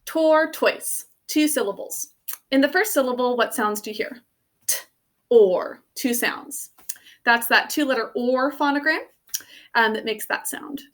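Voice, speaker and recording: A woman's voice: high-pitched, moderate pace, fairly bright tone. A young woman, a teacher recording a spelling lesson for her students, patiently sounding out phonograms step by step.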